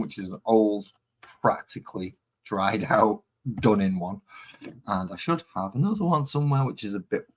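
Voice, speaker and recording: A man's voice: lowish voice, a little hiss or hum. A man with a West Midlands accent, chatting casually and rambling with self-mockery while he sets up and paints on a live stream. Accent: West Midlands English.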